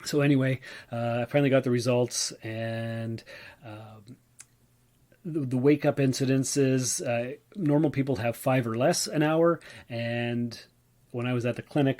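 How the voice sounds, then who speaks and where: A working mailman hosts a casual solo podcast, rambling and tripping over his words as he shares a personal story. His voice is mid-range and a little mellow.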